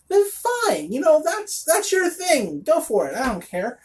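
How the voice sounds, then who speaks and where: A woman's voice: high voice, wildly swooping pitch, a little slow, a little mellow. A woman reviewing a comic in casual chat, blunt and sarcastic, with lots of fillers and asides.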